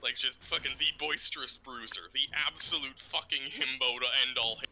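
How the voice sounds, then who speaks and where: A man streaming a game, explaining plans in a rambling, profane, excitable way. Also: mid-range voice, brisk, poor audio. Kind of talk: casual chat while gaming.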